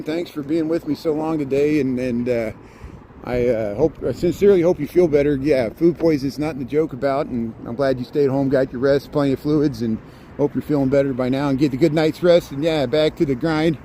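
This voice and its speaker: A man's voice: a little high, brisk, warm tone. Chatty Chicago man streaming from city streets. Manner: chatty, rambling, greets viewers by name. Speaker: live-streaming walking tour host. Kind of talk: casual live-stream walking commentary. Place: outdoors on a busy city street. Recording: clear traffic noise behind.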